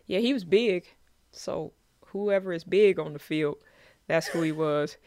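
A man co-hosting a podcast in casual chat, joking in slang and slipping into quick quoted voices. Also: sits high, darkish tone, no echo, studio quality. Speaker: podcast co-host. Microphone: remote call.

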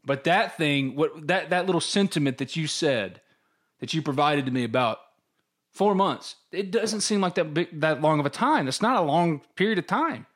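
A man co-hosting a casual sports podcast speaks at a moderate pace in a voice on the high side. He's frank and tells lively stories, voicing his own inner thoughts as quoted asides.

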